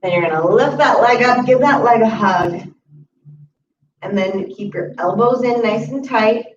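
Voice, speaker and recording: A woman teaching a chair yoga class, calmly cueing each breath and movement. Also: on the high side, measured pace. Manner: calm instructive cueing of breaths and moves. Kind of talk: guided exercise class. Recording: roomy, distant, muffled audio with faint hiss.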